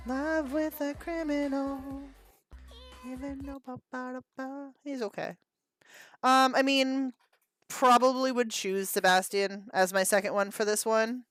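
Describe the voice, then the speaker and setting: A woman's voice: high voice, little pitch movement, a little slow, a bit bright, faint music behind. A woman in her thirties hosting a livestream, chatting casually with viewers, laughing often and swearing freely as she reacts to chat. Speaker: livestream host.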